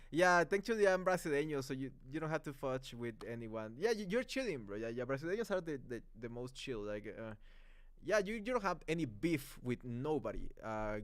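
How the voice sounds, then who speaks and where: A man's voice: mid-range voice, very animated, normal speed, dry recording. A young man from Mexico with a Mexican Spanish accent, rambling through a casual live-stream movie review, repeating himself and laughing easily.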